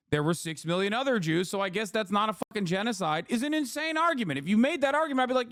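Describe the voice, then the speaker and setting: A man's voice: sits high, expressive, fast talker, hardly any pauses, fairly bright tone, dry recording. A man reacting to a video as a streamer, ranting in casual, profane, sarcastic commentary on a close mic.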